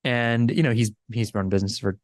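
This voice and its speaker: Male guest, casual storyteller, animated, dry close mic, mid voice. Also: mid-range voice, brisk, no echo. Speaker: podcast guest, entrepreneur.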